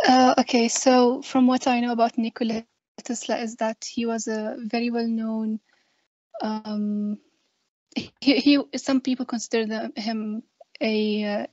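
A young woman student speaking softly and hesitantly over a video call. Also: fairly high pitch, no room sound. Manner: soft-spoken, hesitant. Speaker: student participant. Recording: dry, lo-fi video call audio.

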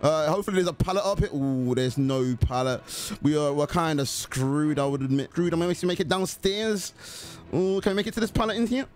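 Brief: young male streamer, animated play-by-play, bit higher voice, faint game music behind. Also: fairly quick. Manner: excitable, talks to teammates and the killer. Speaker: gaming YouTuber. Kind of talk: live gameplay commentary.

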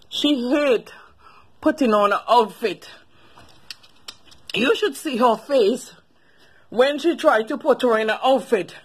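A woman's voice: on the high side, slow pace, long pauses, breathy edge. A woman vlogging casually, chatting to viewers and using baby talk with her dog. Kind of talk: casual vlog chat.

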